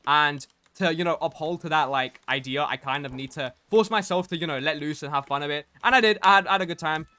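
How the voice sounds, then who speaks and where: Young man from england, bright forceful voice, casual rambling storytelling, lots of fillers. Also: fairly high pitch, quick pace, smooth. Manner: rambling, many fillers and restarts. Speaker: gaming streamer telling a story. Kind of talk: casual storytelling while gaming.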